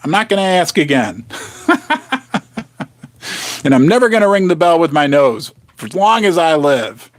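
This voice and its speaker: A man hosts a casual live stream, talking in a lively, swooping voice that sits a little high. He is chatty and teasing, and sometimes drops to a whisper for effect. The sound is dry and close, with no room echo. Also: normal speed, pauses often. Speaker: host of a precious-metals live stream. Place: home basement studio.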